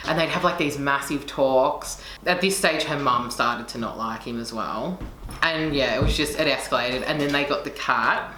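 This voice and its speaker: A young woman with a very deep, sharp-toned voice tells a story at a moderate pace during a casual chat. She's passionate, swears freely, and acts out what people said. The recording has an echoey room sound with faint noise.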